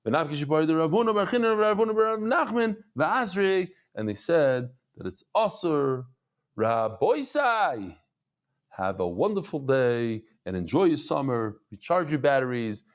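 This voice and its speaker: A man teaching a Talmud class, telling stories with animated asides and acted-out voices. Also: mid-range voice, moderate pace. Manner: animated storytelling, acts out voices, laughs.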